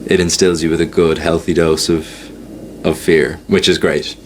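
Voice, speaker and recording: An Irish man in an interview clip, speaking in a measured, thoughtful way with many kind-ofs. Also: a bass voice, flat delivery, slight background noise. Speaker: actor in interview.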